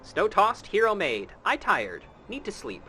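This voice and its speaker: A man's voice: high voice, huge pitch swings, measured pace, sharp tone, slight background noise, pitched above the performer's own voice, heavily acted. A man voicing a simple-minded talking snowman that speaks in broken baby-talk. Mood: gleeful.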